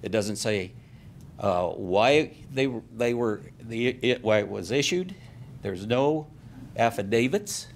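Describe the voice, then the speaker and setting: An older man stands at the council podium and airs a grievance, his speech low in pitch and turning heated and emotional. A faint rumble sits behind him. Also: animated, takes it slowly. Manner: aggrieved, grows agitated and emotional. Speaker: public commenter. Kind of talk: public comment at a council meeting.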